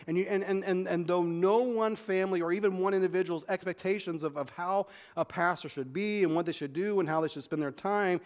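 A man pastor preaching a sermon in a conversational way, often restarting and repeating words. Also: on the high side. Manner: conversational preaching, acts out quick back-and-forth dialogue.

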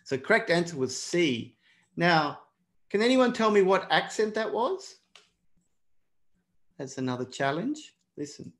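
A man's voice: high-pitched, very animated, unhurried, pauses often, fairly bright tone. An Australian man teaching a live online exam prep lesson, encouraging and speaking to viewers in the chat by name.

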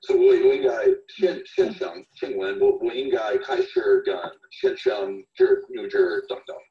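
American man, lively, muffled and distant. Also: mid-range voice, normal speed, gravelly. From United States. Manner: hesitant, restarts while forming sentences. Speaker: advanced Chinese learner. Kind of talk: practice conversation.

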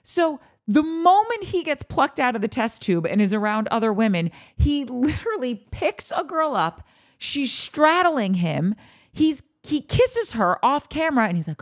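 A woman hosting a podcast, tipsy from beer, giving a casual ranting TV review, animated, sarcastic and profane with big swings in pitch. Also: moderate pace. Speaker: podcast host.

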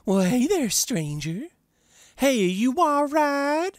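A man voicing a kindly young village woman who tends a wounded stranger, reading her lines in a soft, coaxing, sing-song way. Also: very high voice, big pitch swings, takes it slowly, no room sound, studio quality, pitched above the performer's own voice, full character voice. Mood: gentle, coaxing.

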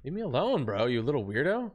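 A man live-streaming a game, chatting in slang, reacting loudly and thanking viewers for donations. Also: mid-range voice, quick pace, lo-fi sound. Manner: loud hype outbursts, slangy and excitable, reads donations aloud. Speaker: gaming streamer. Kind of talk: live-stream chat while gaming.

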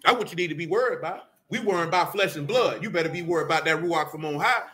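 A man leading a Bible study in a folksy, animated preaching style, quizzing his listeners and calling them "boy" and "man". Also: a little high, fast, a little hiss or hum.

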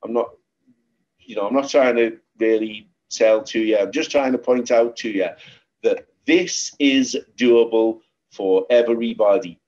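With a lowish voice and a slightly slow pace, a Liverpool-accented man runs a trading webinar. He talks informally, repeats himself while walking through charts, and tells lively stories over somewhat dull lo-fi audio.

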